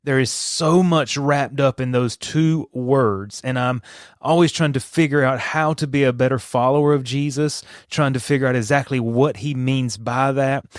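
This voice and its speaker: A man's voice: mid-range voice, steady tone, normal speed, dry recording, studio quality. A man hosting a devotional podcast, teaching in an earnest, emphatic way and putting rhetorical questions to his listeners. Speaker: podcast host and Bible teacher.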